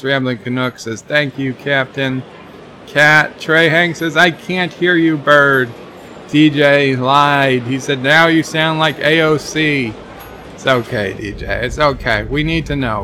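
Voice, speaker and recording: A man's voice: a little high, gravelly, bright, forceful tone, a little hiss or hum. A man streaming a city-building game, reading chat messages aloud and joking along with the viewers. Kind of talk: casual live-stream chat.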